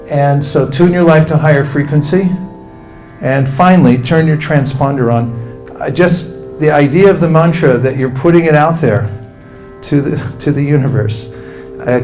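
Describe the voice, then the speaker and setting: Male meditation teacher, calm and instructive, warm dark tone, faint guitar underneath. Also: mid-range voice. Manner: calm, instructive, leads the audience through chanting. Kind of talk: spiritual talk with guided mantra chanting.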